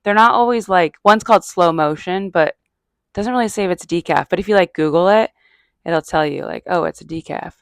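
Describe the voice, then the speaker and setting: Low, gravelly-voiced woman rambling casually. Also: a little fast, no echo. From Arizona. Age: middle-aged. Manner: chatty, self-mocking, wanders off topic. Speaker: comedian and podcast host.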